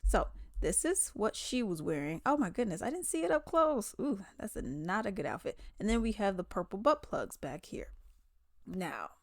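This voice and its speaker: A woman's voice: medium pitch, sing-song, normal speed, dry recording, studio quality. A woman in a casual, chatty commentary vlog, talking in slangy asides. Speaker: commentary vlogger. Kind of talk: casual chat.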